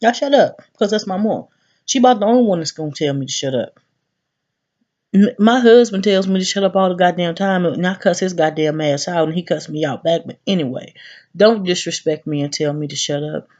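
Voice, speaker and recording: A woman's voice: fairly low pitch, a little fast, darkish tone, lo-fi sound. A woman in her thirties vlogging, ranting brashly and cursing freely as she talks straight to her viewers. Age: 30s. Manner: brash, profane, addresses viewers directly. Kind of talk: casual ranting vlog.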